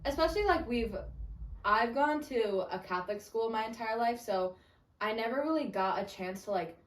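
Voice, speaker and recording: A woman's voice: a little high, lively intonation, normal speed. A young woman in her twenties, a podcast guest, talking casually and rambling with restarts and lots of "like.". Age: 20s. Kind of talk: casual chat. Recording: roomy echo.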